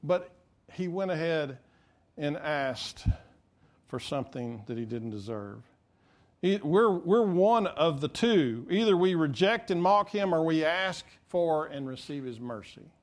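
A man's voice: a little high, lively intonation, a little slow. A man preaching a sermon as pastor, earnest and rising to emphatic peaks.

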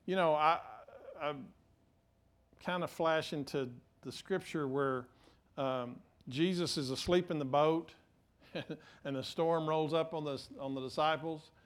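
Emphatic pastor preaching. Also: male voice, on the high side, fairly even intonation. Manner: halting restarts, swings from quiet to emphatic. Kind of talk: sermon.

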